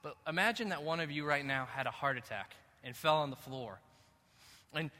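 A male pastor preaching a sermon in a church, moving between calm teaching and loud, emphatic passages. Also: a little high, fairly quick. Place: church sanctuary. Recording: echoey hall reverb.

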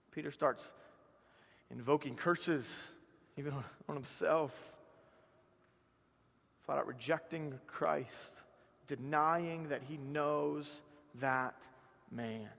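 A man from South Georgia with a Southern accent, preaching a sermon as a pastor. He swings from hushed lines to loud, rising ones and repeats words for emphasis. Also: fairly high pitch, takes it slowly, gravelly, long pauses, big-room sound.

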